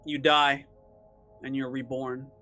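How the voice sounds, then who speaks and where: A man's voice: mid-range voice, level tone, slow, bright, forceful tone, soft background music. A man narrating a tabletop game as game master, casual and chuckly, with lots of fillers.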